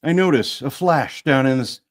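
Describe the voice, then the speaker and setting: A man's voice: mid-range voice, normal speed. A man reading a first-person audiobook narration, restarting phrases to retake lines.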